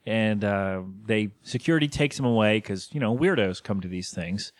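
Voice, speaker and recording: A man co-hosting a podcast, casually recapping a cartoon episode with jokes and quick quoted voices. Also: lowish voice, expressive, dry recording, clean studio sound. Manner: joking, retells scenes with quick put-on quotes. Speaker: podcast co-host.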